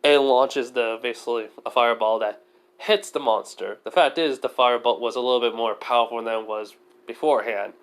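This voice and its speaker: A man tells an improvised story in a loose, casual way. He fills gaps with fillers and keeps correcting himself. His voice is smooth and clear at a middle pitch. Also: steady tone, brisk. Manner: rambling, filler-heavy, self-correcting. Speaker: fan storyteller.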